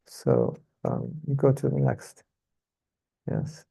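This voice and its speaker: A seminar speaker with a medium-pitched, gravelly, mellow, husky voice talks slowly in a sing-song way. He's teaching a devotional seminar in a temple hall with an audience, asking rhetorical questions over and over, especially "isn't it?", and leading everyone in repeating phrases as call-and-response.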